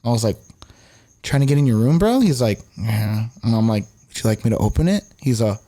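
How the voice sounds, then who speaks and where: A young man tells a story on a casual podcast, slipping into other people's voices as he quotes them. He swears freely and keeps an animated storyteller's rhythm, at an ordinary middle pitch. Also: fast talker. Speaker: podcast co-host.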